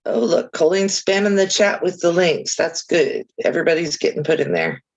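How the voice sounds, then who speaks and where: Chatty woman with a gravelly voice. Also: on the low side, moderate pace, rough recording. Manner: chatty, chirpy, self-deprecating asides. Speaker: crafting livestream host. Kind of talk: casual chat reading viewer comments.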